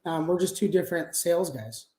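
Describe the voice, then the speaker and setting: A man's voice: a little high, lively intonation, brisk, warm tone. Echoey-sounding man explaining sales process. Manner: conversational, filler-heavy, explains step by step. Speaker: guest, sales manager. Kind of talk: casual interview talk.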